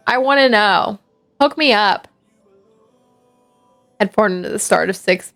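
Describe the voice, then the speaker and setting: A woman's voice: mid-range voice, slow, long pauses, a bit bright. A woman streamer, chatting playfully with her viewers, teasing and laughing a lot. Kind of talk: casual live-stream chat while gaming. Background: faint game music.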